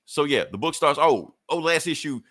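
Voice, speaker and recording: A man's voice: on the high side, expressive, moderate pace, fairly bright tone, no echo, clean studio sound. A man hosting a podcast, retelling a comic book issue in loose, profane, chuckling casual chat. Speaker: podcast host.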